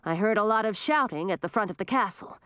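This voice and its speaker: A woman voicing a young male ice dragon, calm and practical. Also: mid-range voice, fast, clear, resonant tone, dry recording, clean studio sound, pitched above the performer's own voice, lightly acted.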